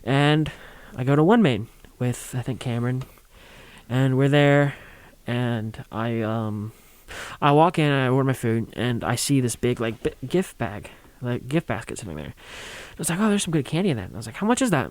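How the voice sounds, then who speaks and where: A man's voice: mid-range voice, expressive, moderate pace, darkish tone, no room sound. Young guy telling a goofy story, dry close mic, chatty and laughing. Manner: rambling, laughing, acts out quotes. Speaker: radio show guest. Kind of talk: casual storytelling on college radio.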